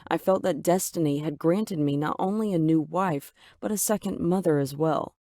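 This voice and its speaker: A woman reading a gentle earnest young man. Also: deep voice, moderate pace, dry recording, studio quality.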